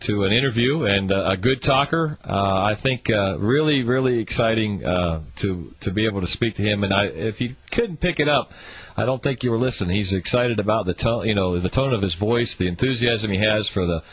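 A man's voice: on the low side, brisk, a bit bright, a little hiss or hum, rough recording. A man hosting a talk radio show, chatty and often stumbling over his words.

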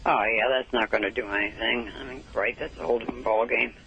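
A man's voice: medium pitch, fairly even intonation, fast talker, gravelly, bright, forceful tone. A man with a New England accent calling in to a radio show, talking in an easygoing way and chuckling. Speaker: phone-in caller. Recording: muffled phone line.

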